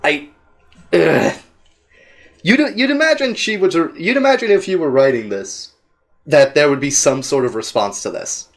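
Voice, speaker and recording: A man's voice: on the high side, lively intonation, unhurried, gravelly. A man hosting a casual reaction chat, laughing often, swearing and sounding exasperated. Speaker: host.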